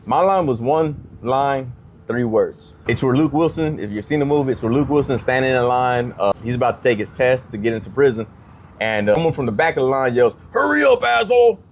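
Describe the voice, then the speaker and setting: A comedian appearing as a podcast guest tells a story casually in a medium-pitched voice, speaking briskly over a little hiss or hum. He's animated and acts out other people's lines in changed voices.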